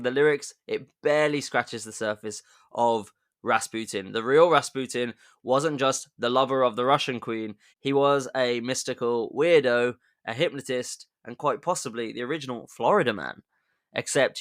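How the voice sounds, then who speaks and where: A man telling history as a comedy podcast host. His voice sits at an ordinary middle pitch, and he chats along loosely, throwing in jokey asides and sudden emphatic bursts. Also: a bit bright.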